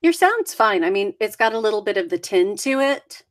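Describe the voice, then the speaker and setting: A woman's voice: medium pitch, very animated, brisk. A woman chatting casually on a video call through a desk microphone, teasing her friend and laughing often. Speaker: co-host. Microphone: USB desk microphone on a video call.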